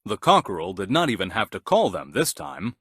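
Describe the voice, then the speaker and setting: A man narrating a scripted children's bedtime story in an animated, gentle storytelling manner. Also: fairly low pitch, a little fast, breathy edge, no echo, studio quality.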